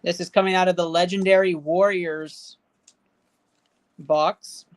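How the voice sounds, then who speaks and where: A lowish, steady voice, a little slow and with no room sound, belongs to a woman hosting a card-opening live stream. Chatting casually with viewers, she keeps up running totals of card values aloud and cheers and banters with the chat.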